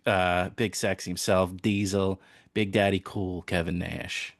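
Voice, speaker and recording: Deep-voiced laid-back man chatting. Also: flat delivery, a little slow, no echo, studio quality. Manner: laid-back, laughs often, jokey. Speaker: podcast co-host. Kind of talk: casual movie chat.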